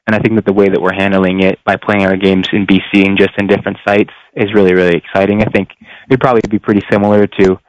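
A young adult man who plays pro football answers radio interview questions earnestly, searching for words as he goes. He has a deep voice with little pitch movement and talks fast, with no room sound, over a dull lo-fi line.

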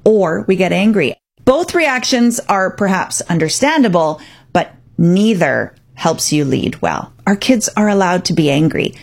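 A woman's voice: on the low side, lively intonation, a little slow. A woman hosting a radio talk show, giving firm, coaching parenting advice and acting out quotes.

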